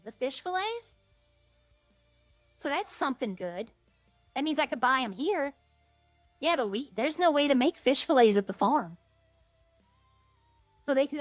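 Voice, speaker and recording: A woman streaming a roleplay game, talking casually as she plays. She rambles, trails off and restarts her thoughts. Her voice sits a little high and sounds dry and close, with faint music behind her. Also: dry recording. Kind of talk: casual streaming chat while playing.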